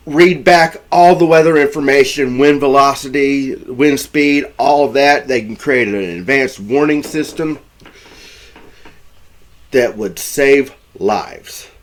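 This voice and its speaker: Rambling man recapping a film. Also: mid-range voice. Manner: rambling, full of fillers and restarts. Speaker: film reviewer.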